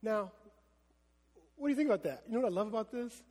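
A man preaching a casual Bible lesson, chatty and animated, with many fillers. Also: sits high, quick pace, in a large hall.

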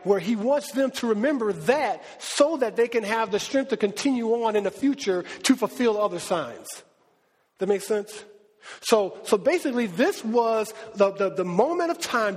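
Male preacher, high and husky, lively casual Bible teaching, reverberant hall. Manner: animated, conversational, acts out quotes.

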